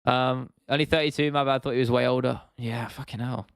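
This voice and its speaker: A man's voice: mid-range voice, fairly even intonation, quick pace, gravelly, clean tone, no echo, clean studio sound. A young British man in his twenties, hosting a casual livestream, chatting loosely with viewers, swearing and calling them "bro". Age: 20s. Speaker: livestream host. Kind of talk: casual livestream chat reading viewer comments.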